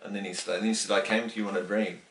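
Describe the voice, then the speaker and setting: A middle-aged man from New Zealand in a casual interview, telling a story and acting out the quoted voices with lively emphasis. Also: fairly low pitch, racing. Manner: animated, acts out quoted dialogue, many restarts. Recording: roomy, distant from the mic.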